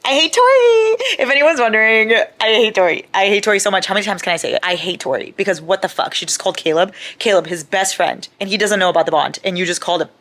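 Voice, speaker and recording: A woman's voice: fairly low pitch, fairly even intonation, racing, hardly any pauses, a bit bright. A young woman chats at home in a casual reading vlog, her voice raw and upset from crying. She rants with big emotion, swearing freely, swinging between exasperation and disbelief. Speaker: book vlogger.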